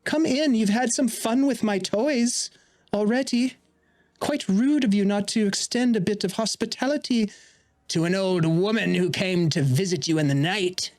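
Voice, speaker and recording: A man's voice: high-pitched, moderate pace, a little mellow, voice pushed up, close to an everyday voice. A man voicing a sinister sorceress who poses as an old woman, sweet and mocking.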